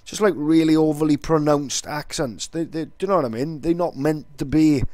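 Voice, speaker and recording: A man's voice: a little high, moderate pace, dark tone, no room sound. A young man chatting casually and rambling on, swearing now and then. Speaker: vlogger. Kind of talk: casual vlog talk.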